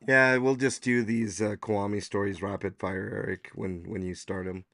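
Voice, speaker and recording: A man hosting a casual podcast livestream, hoarse and losing his voice, rambling with lots of fillers. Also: lowish voice, level tone, moderate pace, a bit bright, slight background noise. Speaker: podcast host.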